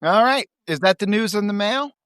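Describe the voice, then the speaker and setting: A man's voice: high voice, expressive, normal speed, fairly bright tone, clear, resonant tone, no echo, studio quality. A man co-hosting a podcast, chatting casually with sarcastic jokes. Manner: sarcastic, jokey. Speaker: podcast co-host. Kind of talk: casual chat about comic strips.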